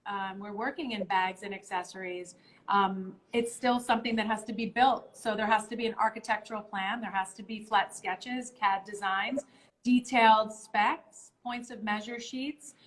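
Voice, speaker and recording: A woman with a slightly high voice hosts a casual live stream from her phone. She explains things step by step, filling pauses with plenty of ums. Her tone is conversational and thoughtful. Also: fairly bright tone, poor audio.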